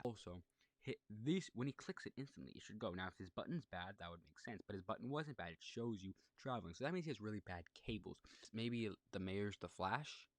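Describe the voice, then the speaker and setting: Man with a lowish voice and a dead-dry sound, telling a movie plot in a loose, scatterbrained comic ramble. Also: dry recording. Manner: loose, jokey and scatterbrained, with asides to the audience. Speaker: movie recapper.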